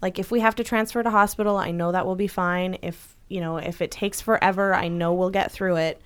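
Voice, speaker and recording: A woman co-hosts a podcast in a lowish, steady, smooth voice, talking fairly quickly. As a supportive partner in casual chat, she speaks earnestly and reassuringly, often restarting her thoughts.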